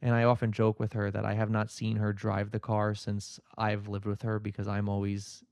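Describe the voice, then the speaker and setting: A man's voice: fairly low pitch, monotone, normal speed, a little mellow, no echo, clean studio sound. A man talking as a podcast guest in casual chat, hesitant and self-deprecating, with frequent restarts.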